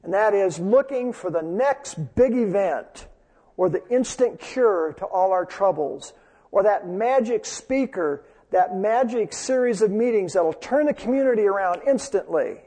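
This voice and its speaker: A man's voice: high voice, animated, unhurried, dark tone, slightly rough, big-room sound. A man preaching a sermon as pastor, telling a story earnestly and repeating phrases for emphasis.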